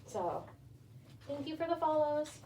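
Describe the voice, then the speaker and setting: Reading a storybook aloud to a baby rabbit at home, this rabbit-keeping channel host keeps up chatty asides to her pet. She speaks in a warm, high voice with big swings in pitch at a measured pace. The distant mic picks up room echo and faint background noise.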